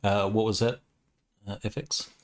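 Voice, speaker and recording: Deep-voiced man running a tabletop game. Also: moderate pace. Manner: relaxed narration with fillers. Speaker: game master.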